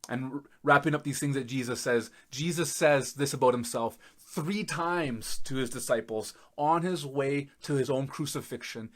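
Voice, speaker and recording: A man preaching a sermon as pastor, emphatic, laughing in disbelief and swinging between loud and soft. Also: mid-range voice, moderate pace, hardly any pauses. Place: church.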